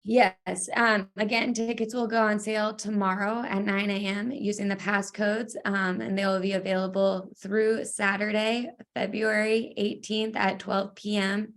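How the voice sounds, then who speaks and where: A woman giving schedule details in a webinar, steady in delivery and slightly losing her voice. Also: medium pitch, a little slow, hardly any pauses. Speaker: athletic association staff. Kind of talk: informational webinar briefing. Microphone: video call.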